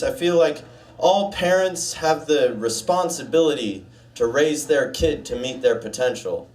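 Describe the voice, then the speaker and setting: A young man doing a deadpan stand-up set with dark jokes, putting on a gruff low voice for a doctor. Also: a little slow, distant mic. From United States. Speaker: stand-up comedian. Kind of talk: stand-up set at open mic. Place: small bar stage.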